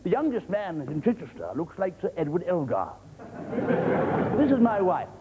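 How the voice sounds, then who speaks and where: A man's voice: high-pitched, big pitch swings, normal speed, a crowd in the background. A man playing an old retired navy officer who rambles and blusters, fixated on battle cruisers. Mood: blustering. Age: older. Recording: noisy old TV tape.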